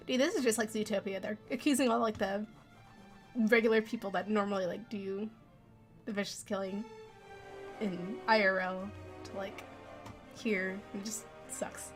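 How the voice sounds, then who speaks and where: A woman's voice: medium pitch, fairly even intonation, normal speed, pauses often, faint music behind. A young woman giving casual, playful commentary while playing through a story game. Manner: playful, chatty asides with frequent laughter. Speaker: gamer. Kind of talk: casual let's-play commentary.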